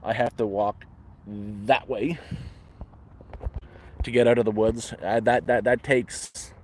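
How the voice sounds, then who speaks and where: A man's voice: lowish voice, steady tone, slow pace, a little hiss or hum. Canadian man, live vlog in the woods, rambly storyteller. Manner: rambling, restarts often, acts out voices in quotes. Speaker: livestreamer. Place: outdoors in the woods.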